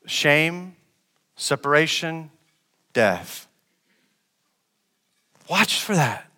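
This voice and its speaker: A man preaching a sermon as pastor, asking the congregation questions and repeating phrases for emphasis, swinging from loud, raised lines to quiet, low ones. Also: clean tone, in a large hall. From West Africa.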